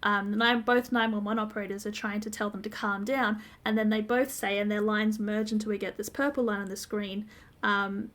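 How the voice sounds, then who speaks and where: Podcast lady walking through an episode scene by scene, lots of ums, mid-pitched voice. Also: steady tone, brisk, hardly any pauses, a bit bright. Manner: detailed, step-by-step retelling with frequent ums. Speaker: podcast co-host. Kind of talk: casual TV episode recap chat.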